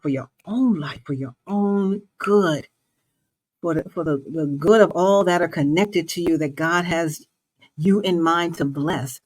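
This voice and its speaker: A woman hosting her own show and talking straight to her listeners. Her delivery is animated, jumping between high and low notes and between loud and soft. She laughs often through her casual motivational talk. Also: husky. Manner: animated, swings pitch and loudness, laughs often. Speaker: host.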